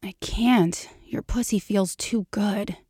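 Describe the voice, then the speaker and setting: A woman voicing a smug, domineering grown man, speaking low, slow and quietly with a mocking edge. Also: slightly rough, no room sound, clean studio sound. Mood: wry.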